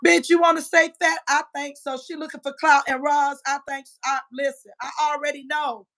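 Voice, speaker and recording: Woman, 50s, high voice, combative profane livestream ranter. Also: little pitch movement, normal speed, a bit bright. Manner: profane, combative, trash-talking. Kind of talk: heated livestream rant.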